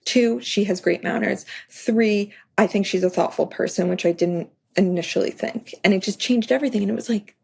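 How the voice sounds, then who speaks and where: Woman, podcast guest author, chatty and anecdotal; gravelly, husky voice. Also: mid-range voice, brisk, few pauses, a little mellow. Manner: chatty, full of "like", acts out her own anecdotes. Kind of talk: casual podcast interview.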